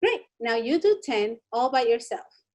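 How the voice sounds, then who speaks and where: High, upbeat woman teaching kids drama. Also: sing-song, a little slow. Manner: bright, encouraging and playful. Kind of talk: children's drama lesson.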